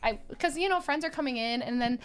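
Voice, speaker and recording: A young woman chatting casually, telling an animated story, laughing often and acting out what others said. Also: sits high, fast. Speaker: podcast co-host.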